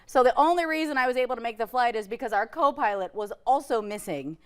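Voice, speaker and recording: A woman's voice: a little high, lively intonation, quick pace. A young woman from Michigan co-hosting a TV morning show, telling a story in casual chat, laughing often and saying "like" a lot. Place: TV studio.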